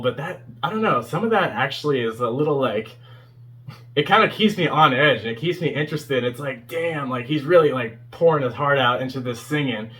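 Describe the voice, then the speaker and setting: A man's voice: mid-range voice, a bit bright. A man in his twenties giving a casual, rambling spoken review as a fan video host, with many fillers and small chuckles. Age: 20s.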